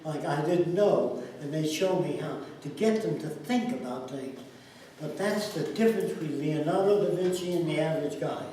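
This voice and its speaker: A man's voice: a little high, normal speed, mellow, a little hiss or hum. A man explaining ideas through anecdotes, acting out the voices of the people in his stories. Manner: storytelling, acts out quoted dialogue. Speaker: interviewee. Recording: echoey room, distant mic, faint ambience.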